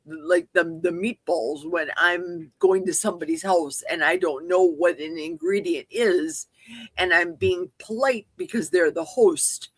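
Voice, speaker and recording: A woman's voice: lowish voice, dry recording. A woman in her sixties co-hosting a casual podcast, speaking candidly and reading chat comments aloud. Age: 60s. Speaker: podcast co-host.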